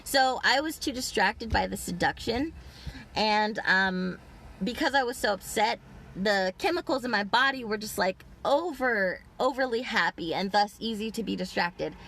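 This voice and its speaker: A woman's voice: medium pitch, animated, normal speed, fairly bright tone, a little hiss or hum. A woman vlogging outdoors in a parking lot, telling a long, rambling, profane story full of fillers. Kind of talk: rambling personal monologue.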